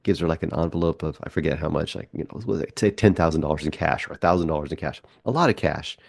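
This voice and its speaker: A man's voice: rumbling low, fast talker, creaky, dry recording. A man on a film podcast casually recapping a movie plot in a rambling way, acting out bits of the characters' talk as he goes. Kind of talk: casual movie review chat.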